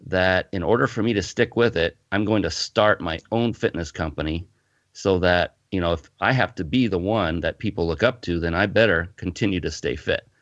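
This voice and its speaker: Speaking in a low register, a fitness company founder appears as a podcast guest and shares a personal story with lively energy during a relaxed interview. He keeps restarting mid-thought. The lo-fi recording sounds muffled and completely dry.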